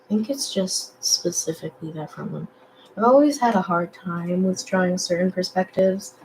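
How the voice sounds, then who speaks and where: A young woman chatting casually while she draws, rambling with lots of fillers and self-deprecating asides, in a low morning voice. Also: moderate pace, a little mellow, slight background noise, rough recording. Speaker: digital artist vlogger. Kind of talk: casual chat while drawing.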